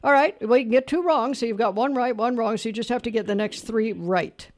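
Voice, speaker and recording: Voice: medium pitch, fairly quick. A radio talk show host running a call-in trivia quiz, chatty, chuckling and full of fillers. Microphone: studio microphone.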